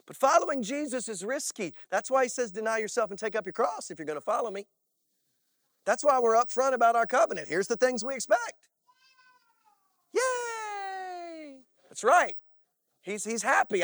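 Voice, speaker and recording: Animated high-voiced male pastor preaching. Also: moderate pace, dry recording, studio quality. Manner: animated storytelling with frequent "all right?" asides. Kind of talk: sermon.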